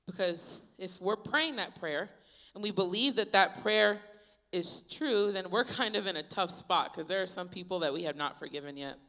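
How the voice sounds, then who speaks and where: A young woman preaching a youth sermon, retelling Bible stories in a lively, casual storytelling way. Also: lowish voice, normal speed. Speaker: youth pastor. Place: church youth service.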